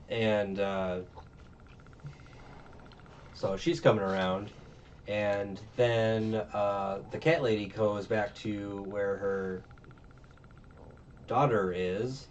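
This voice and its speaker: A man's voice: lowish voice, extremely slow, long pauses. A man casually recapping a movie plot, rambling with lots of ums and uhs and acting out the characters' lines. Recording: distant, muffled mic with faint noise.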